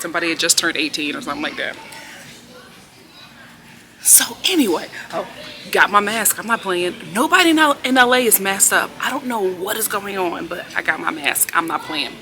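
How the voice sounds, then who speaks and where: A woman vlogging outdoors on a city street, filming herself on her phone. She tells a story in a chatty, animated way and acts out what people said. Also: lowish voice, noisy background. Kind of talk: casual storytelling vlog. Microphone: phone camera held while filming herself.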